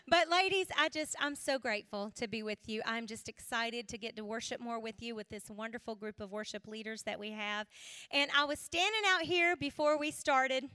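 A woman's voice: fairly high pitch, moderate pace, sharp tone, smooth, no room sound. A woman from South Carolina with a Southern accent, giving a playful, chatty talk full of stories to a women's church gathering, laughing often. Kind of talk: humorous storytelling to a live audience.

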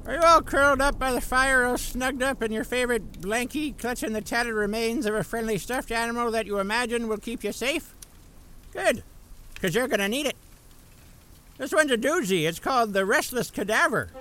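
A man's voice: very high voice, moderate pace, low-quality recording. A man playing a sardonic, folksy uncle who tells bedtime horror stories on a comedy radio show. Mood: spooky folksy. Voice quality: folksy drawl, dark deadpan asides. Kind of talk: comic radio-show storytelling.

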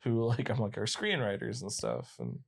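A man in his late twenties talking casually about movies. He laughs easily and slips into playful impressions when he retells a story. His voice sits at an ordinary middle pitch. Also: huge pitch swings, moderate pace, vocal fry, slightly rough. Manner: chatty, laughing, acts out quotes in funny voices.

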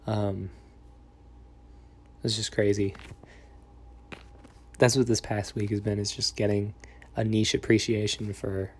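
A young man in a casual vlog monologue, rambling and meandering with lots of fillers and half-finished thoughts. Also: on the low side. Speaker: vlogger.

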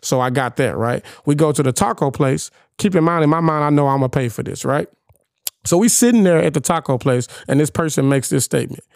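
A young man hosting a podcast, telling a story in casual chat, animated and profane, firing rhetorical questions at his co-hosts. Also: a little high, fairly quick, creaky, no room sound, clean studio sound. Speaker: podcast host.

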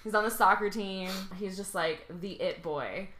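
A woman guest on a podcast, animatedly recapping a film in casual chat with profane jokes and quick asides. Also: medium pitch, pushed and bright, roomy sound, a little hiss or hum.

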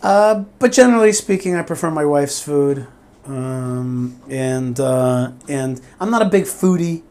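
A man raised in the US talking casually as an interview guest, animated and repeating himself as he restarts. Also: measured pace. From born in Israel, raised in the US. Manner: animated, repeats words and restarts, emphatic swings in pitch.

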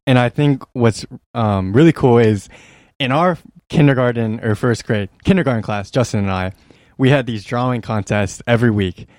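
A man's voice: mid-range voice, moderate pace, a little mellow, no echo, studio quality. Earnest young man rambling on a podcast. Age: young adult. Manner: earnest, rambling, many restarts. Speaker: podcast co-host. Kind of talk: casual chat.

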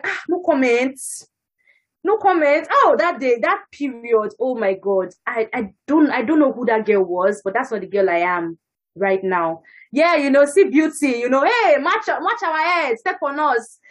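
A young woman giving a casual personal testimony on a church podcast, animated and laughing as she acts out what others say. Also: medium pitch, slightly rough, poor audio. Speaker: panel speaker on a church podcast.

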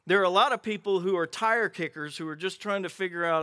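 A middle-aged man preaching a sermon as pastor, telling Bible stories with animated voices for the characters. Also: high voice, fast, hardly any pauses. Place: outdoor gathering without a building.

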